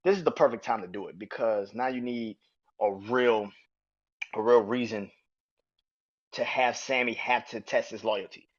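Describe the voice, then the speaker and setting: A man hosting a podcast, casually reviewing a wrestling match in a profane, animated way. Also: medium pitch, moderate pace, pauses often. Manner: animated, profane, acts out quotes in raised voices. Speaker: podcast host. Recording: dull lo-fi audio.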